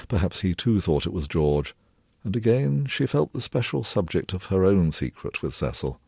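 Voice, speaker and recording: A novelist reading a passage of his own fiction aloud in a measured, low-key way. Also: gravelly, warm tone, husky, no room sound, clean studio sound. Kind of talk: literary reading.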